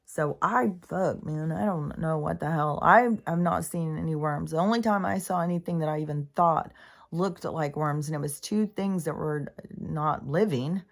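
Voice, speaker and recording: A woman's voice: low-pitched, moderate pace, gravelly. A middle-aged woman vlogging about spirituality in a meandering, casual monologue, full of fillers and swearing.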